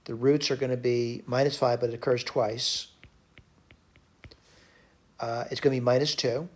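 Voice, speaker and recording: A man teaching a recorded math lecture, working through a problem out loud and correcting his own slips as he goes. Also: medium pitch, little pitch movement, moderate pace. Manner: talks to himself while working problems, frequent self-corrections.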